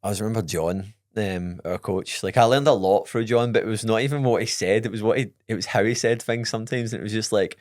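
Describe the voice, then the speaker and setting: A man's voice: lowish voice, quick pace, hardly any pauses, a little mellow, no echo, clean studio sound. Scottish guy hosting a chatty podcast, cracks up at his own stories. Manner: laughs often while telling stories, puts on voices in quotes. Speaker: podcast host. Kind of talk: casual podcast chat.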